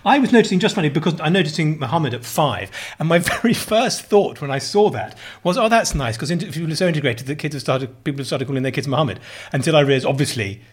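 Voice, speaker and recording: A man's voice: a little high, lively intonation, fast talker, breathy edge. A middle-aged man with a posh southern English accent, telling rambling anecdotes in casual chat and mimicking other people's voices. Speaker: podcast co-host.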